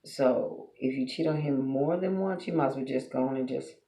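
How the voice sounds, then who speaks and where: A woman delivers a blunt, preachy advice monologue, firing off rhetorical questions at her viewers. Her voice has a gravelly, fry-edged texture. She sounds like she is in a roomy space with a noticeable echo. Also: rumbling low, moderate pace, noisy background. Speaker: relationship advice vlogger. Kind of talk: direct-to-camera advice monologue.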